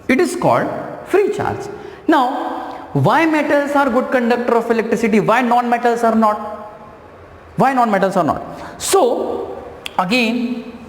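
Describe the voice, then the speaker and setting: A man teaching a science lesson, explaining slowly and repeating key phrases. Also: very high-pitched, lively intonation. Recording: echoey room with long reverb.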